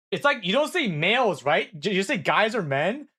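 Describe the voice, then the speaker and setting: On a casual live stream, an excitable young male streamer reacts to viewer messages in a high-sitting, slightly rough voice. His first language is Korean, and his talk is apologetic and full of swearing, with lots of laughter and restarted phrases.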